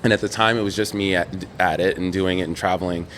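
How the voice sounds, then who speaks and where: Man, deep low voice, casual interview storytelling, animated, faint rumble behind. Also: fast. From New York. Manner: animated storyteller, quotes others in dialogue, laughs often. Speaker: podcast guest, former Olympic swimmer.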